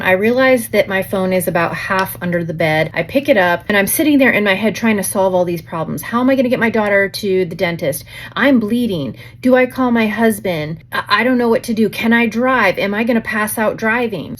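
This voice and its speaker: A woman in her forties tells a story to her camera while she gets ready at home. She talks in a chatty, animated way and acts out her own thoughts along the way. Her voice sits at a mid pitch. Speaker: beauty vlogger. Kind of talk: casual storytime while doing makeup.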